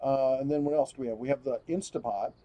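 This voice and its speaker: A man's voice: medium pitch, quick pace, mellow. A man hosting a casual live stream, rambling as he reads viewer comments aloud and chats. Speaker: host.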